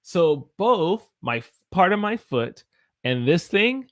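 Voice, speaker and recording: Teaching English pronunciation on a live stream, a Southern man with a Southern American accent slowly draws out every example word. His voice is a little high and swings widely in pitch.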